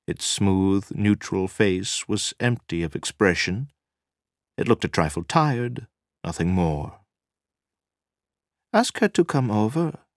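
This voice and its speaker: Deep-voiced guy reading a novel, slow and steady, dry close mic. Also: no room sound. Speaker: audiobook narrator. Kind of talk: scripted narration.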